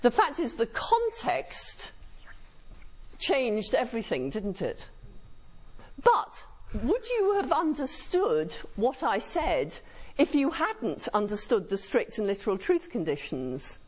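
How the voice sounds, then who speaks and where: A woman's voice: fairly high pitch, big pitch swings, slow. A woman lecturer giving a university lecture to a live audience in a lecture room, engaging them with frequent tag questions. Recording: muffled lo-fi lecture recording.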